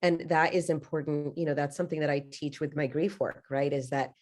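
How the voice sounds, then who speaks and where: A woman's voice: deep voice, flat delivery, brisk, darkish tone. A woman grief coach talking on a video call as an interview guest, earnest and encouraging with emphatic stresses. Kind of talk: casual interview chat.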